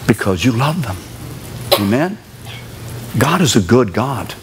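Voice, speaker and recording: A man preaching a sermon in a church, animated, acting out quoted voices and sometimes shouting. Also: mid-range voice, a little slow, slight background noise. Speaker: pastor. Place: church sanctuary.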